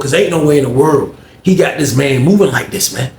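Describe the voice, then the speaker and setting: A man's voice: mid-range voice, lively intonation, fast, slight background noise. Slangy man telling a story, echoey room. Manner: slangy, rambling, addresses audience as y'all. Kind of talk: casual storytelling to viewers. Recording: roomy echo, faint ambience.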